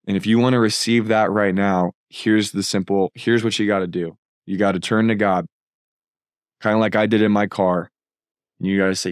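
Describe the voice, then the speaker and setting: A man in his thirties with a lowish voice tells his faith testimony with earnest fervor. The sound is close and dry, with no room around him. He builds from story to a heartfelt appeal. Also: steady tone, moderate pace, clean tone, no room sound. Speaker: filmmaker and content creator.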